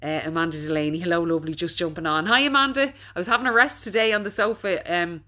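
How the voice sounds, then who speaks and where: A middle-aged Irish woman who owns a business hosts a Facebook live, chatting casually while reading out viewers' comments and encouraging them. She's recovering from being unwell. Her voice is on the low side, steady, bright, and forceful, and she talks fast.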